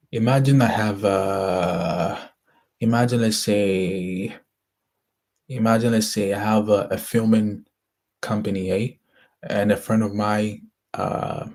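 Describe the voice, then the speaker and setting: A young man from Ghana with a Ghanaian accent talks casually to his listeners. His voice is husky and fairly low, and he rambles and often starts his sentences over. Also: darkish tone. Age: young adult. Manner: rambling, halting, with many restarts. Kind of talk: casual motivational talk.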